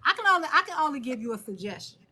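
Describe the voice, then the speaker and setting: A woman hosting a live stream and talking on her phone, blunt and animated, cursing freely. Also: high-pitched, racing, a crowd in the background. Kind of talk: casual live stream chat.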